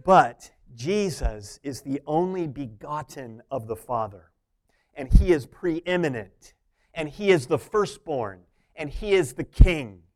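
A man preaching a sermon, moving between soft, intimate asides and loud, emphatic points. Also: on the high side, lively intonation, slow. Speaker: pastor.

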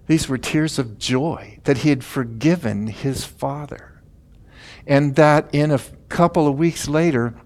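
An older man giving a folksy sermon, telling stories with many "you know" fillers and swinging from soft asides to loud, high bursts. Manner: animated, rises high and loud when stirred, drops soft for asides.

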